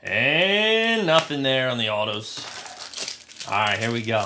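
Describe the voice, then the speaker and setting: A man hosting a live trading card break, talking crudely and getting excited, shouting over big pulls. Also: mid-range voice, unhurried.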